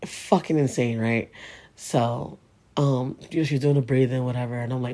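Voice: mid-range voice, steady tone, normal speed, dark tone. A speaker telling a painful personal story in a casual, candid way, swearing often and speaking with emotion.

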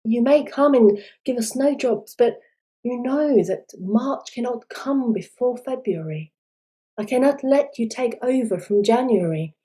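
A man's voice: very high voice, unhurried, mellow, poor audio. A woman doing a stern, white-bearded old winter spirit. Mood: firm.

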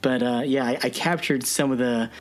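A man's voice: medium pitch, steady tone, normal speed. A man co-hosting a podcast in casual chat, giggly and self-mocking. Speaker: podcast co-host.

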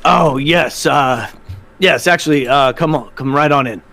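A man's voice: fairly high pitch, measured pace, vocal fry, fairly bright tone. A man voicing a wary male gate guard who calls out curt challenges.

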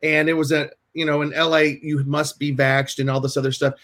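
Man, podcast host, casual chat, higher pitch, rambling, self-interrupting. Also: flat delivery, fairly quick, a bit bright. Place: home room with shelves.

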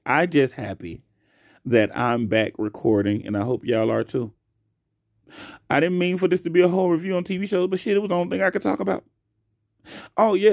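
A young man hosting his own podcast alone, talking casually and profanely into a close mic, swinging between loud outbursts and quiet asides. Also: fairly high pitch, vocal fry, dry recording. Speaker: podcast host. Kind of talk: casual solo podcast rant.

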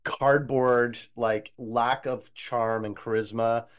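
A man co-hosting a podcast, reviewing an eighties movie in casual chat, opinionated and animated. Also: mid-range voice, slow pace, smooth. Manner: animated, opinionated, quotes scenes in a put-on voice. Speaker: podcast co-host.

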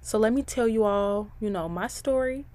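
A woman's voice: mid-range voice, normal speed, darkish tone. Chatty young woman hosting a podcast. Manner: chatty and candid, addresses listeners directly, laughs between thoughts; faith-filled, encouraging. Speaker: podcast host. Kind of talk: casual podcast monologue.

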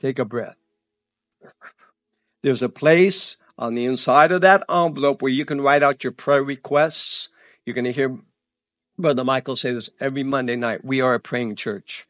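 A man pastor giving church announcements before his sermon, animated and excited, tripping over his words and laughing at himself. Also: medium pitch, normal speed, no room sound, studio quality. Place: church sanctuary.

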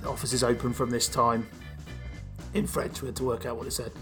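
A man's voice: mid-range voice, level tone, a little fast, fairly bright tone, faint music behind. A British man hosting a podcast, chatting casually and rambling through a holiday story with asides. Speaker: podcast host.

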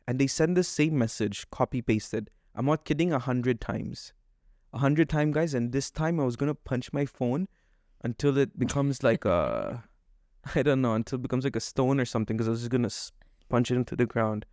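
In a dry, studio-quality recording, a man with a mid-range, darkish voice speaks at normal speed. Co-hosting a podcast, he rants with agitation about a bad purchase, acting out quoted back-and-forth exchanges in a casual way.

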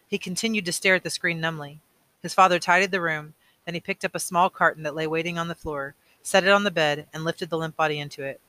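Bright-voiced man reading a novel aloud. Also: on the high side, fairly even intonation, fast. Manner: plain reading with small slips and self-corrections. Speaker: audiobook reader.

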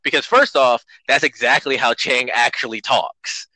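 A man's voice: mid-range voice, moderate pace, sharp tone, no room sound, rough recording. A man co-hosting a casual podcast while gaming, rambling and joking with frequent laughter. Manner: laughs often, rambling, jokey and apologetic. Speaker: podcast co-host. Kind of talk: casual chat while playing a video game.

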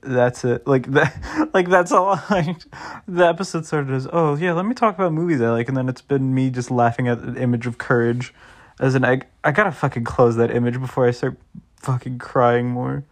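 A man's voice: mid-range voice, steady tone, normal speed. A young man chatting casually to his viewers, swearing freely and repeatedly breaking into laughter. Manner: giggly, keeps breaking into laughter. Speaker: vlogger. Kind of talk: casual rambling commentary.

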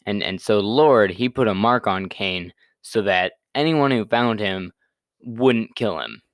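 A man's voice: fairly low pitch, unhurried, no echo, studio quality. A young man casually retelling a Bible story in a laid-back, slangy way, full of fillers and restarts.

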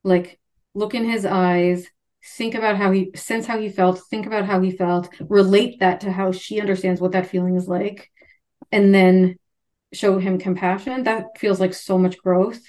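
Animated woman podcast co-host. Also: medium pitch. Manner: animated, acts out characters' lines in quick voices. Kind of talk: casual chat recapping a book.

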